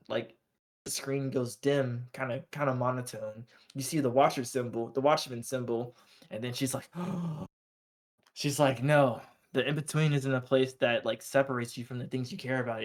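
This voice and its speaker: Slangy man recapping an anime episode. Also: medium pitch. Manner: loose slangy storytelling, acts out characters' lines. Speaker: podcast co-host.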